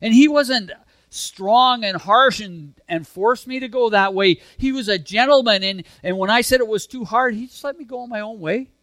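A man preaching a sermon, earnest and conversational, swinging between emphatic lines and soft, hushed ones. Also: high-pitched, normal speed, no room sound. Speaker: pastor.

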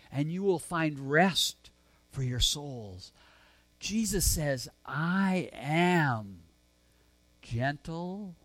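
A man preaching a sermon, earnest and conversational, swinging between emphatic lines and soft, hushed ones. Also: fairly high pitch, no room sound. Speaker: pastor.

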